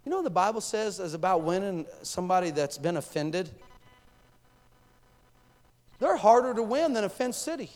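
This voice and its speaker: Preaching to his congregation in a church sanctuary, this assistant pastor talks fast in a high, slightly mellow voice with big swings in pitch. His sermon is impassioned and direct, and a long reverb tail trails each phrase.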